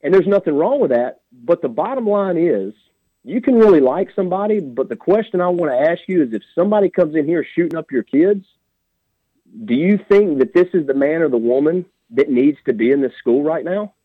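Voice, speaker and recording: A man's voice: a little high, animated, fairly quick, dry recording. A blunt, plain-spoken man with a drawl, speaking as a radio guest. His voice comes through a thin, tinny phone line. The sound is bone dry, with no room around it. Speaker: sheriff candidate, radio guest.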